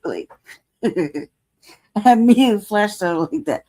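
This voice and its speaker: A woman's voice: fairly high pitch, normal speed, long pauses, dark tone. A woman hosting a casual livestream, rambling through a personal story, laughing often and swearing freely. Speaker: livestream host.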